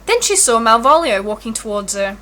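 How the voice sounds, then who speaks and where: A woman teacher reading a children's storybook aloud in an expressive, clear way. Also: fairly high pitch, a little fast.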